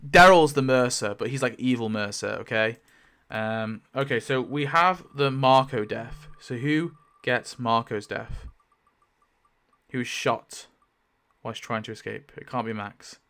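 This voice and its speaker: Smooth-voiced man, rambling commentary. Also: mid-range voice, measured pace. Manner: rambling, lively, many fillers and laughs. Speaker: YouTuber. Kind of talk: casual commentary while spinning a wheel.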